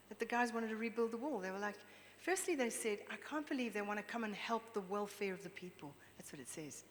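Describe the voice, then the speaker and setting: Woman preaching in a reverberant hall. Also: medium pitch. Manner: lively, chatty, draws the audience in with questions. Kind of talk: sermon to a congregation. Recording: long reverb with faint background noise.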